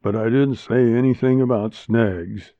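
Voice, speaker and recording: A man playing a wry, wisecracking younger man who speaks quietly, in a tinny, phone-like recording. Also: medium pitch, unhurried, dry recording, natural voice. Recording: tinny phone-like dry sound.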